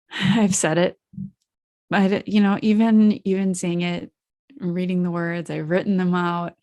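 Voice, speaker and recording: A woman's voice: lowish voice, flat delivery, unhurried, a little mellow. A woman hosting her own podcast in a solo monologue, reflective and asking the listeners questions. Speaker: podcast host.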